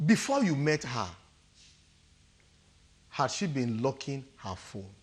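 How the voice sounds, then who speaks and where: A man's voice: medium pitch, big pitch swings, slow. A man with a Nigerian English accent, giving emphatic relationship advice on a studio talk show. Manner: emphatic, acts out quotes, laughs often. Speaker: studio guest counsellor.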